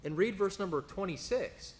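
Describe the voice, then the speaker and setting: A man in his thirties preaching a sermon, rising for scripture and dropping low and quick for personal stories. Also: animated, a little hiss or hum. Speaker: pastor.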